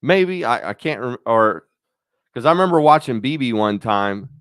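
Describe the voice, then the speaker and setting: A man's voice: medium pitch, animated, moderate pace, fairly bright tone, dry recording, clean studio sound. A man hosting his own channel, thinking aloud in a rambling, profane, casual chat. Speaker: YouTube channel host.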